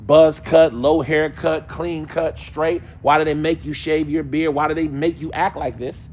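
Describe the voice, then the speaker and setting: A man giving a casual, animated religious lesson, now and then mimicking other people's voices and accents. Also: a little high, measured pace, slight background noise. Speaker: Islamic teacher.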